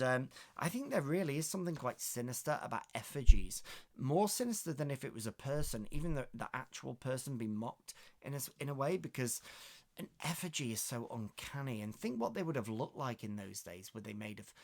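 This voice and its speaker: A man reading an extract from a classic novel aloud and explaining it in a hesitant way, with many fillers. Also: mid-range voice. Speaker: literature video host.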